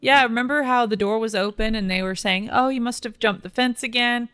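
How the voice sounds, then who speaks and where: A woman's voice: a little high, a little fast, fairly bright tone. A woman on a podcast panel chatting casually about a movie, chiming in with short agreements and questions. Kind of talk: casual movie-review chat.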